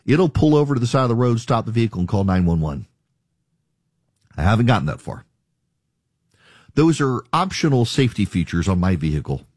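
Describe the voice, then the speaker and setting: A man's voice: fairly low pitch, darkish tone, husky, dry recording. Emphatic opinionated man, dry studio sound. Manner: emphatic, argumentative, mocking callers' objections. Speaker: radio talk show host. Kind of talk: opinionated talk radio monologue.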